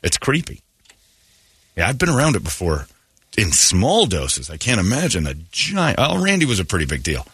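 A man hosting a morning radio show, telling stories in casual banter and mockingly acting out shouted quotes. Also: lowish voice, huge pitch swings, moderate pace, slightly rough, dry recording, studio quality. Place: radio studio.

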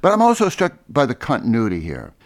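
A man hosting a literary interview, asking lively, articulate questions. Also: medium pitch, fast talker. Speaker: interviewer, host.

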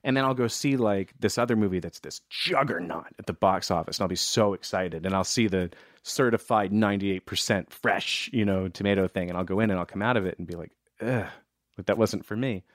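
A man, a film director, talking in a relaxed, thoughtful way with many restarts. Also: deep voice, a little fast, few pauses, no room sound, clean studio sound. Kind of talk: casual conversation.

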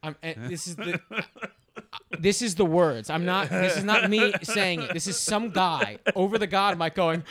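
A man co-hosting a podcast, telling an animated, rambling story full of fillers and swearing. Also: high-pitched, moderate pace, a crowd in the background. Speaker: podcast co-host.

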